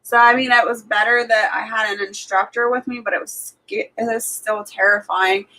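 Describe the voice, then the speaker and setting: A woman runs a live cooking stream from her home kitchen, chatting casually with viewers and telling stories full of fillers and frequent laughter. Her voice sits on the high side with fairly even intonation, a moderate pace, and a sharp tone, though the audio is poor.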